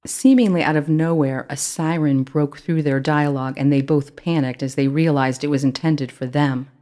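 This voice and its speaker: Low-voiced woman reading a children's book. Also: fairly even intonation, normal speed, mellow. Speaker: author reading her book. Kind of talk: children's audiobook narration.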